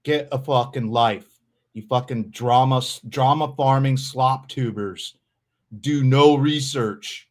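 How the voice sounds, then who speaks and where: A man's voice: medium pitch, slow pace. A man hosting a casual livestream, blunt, profane and sarcastic as he reacts to clips. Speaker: streamer host.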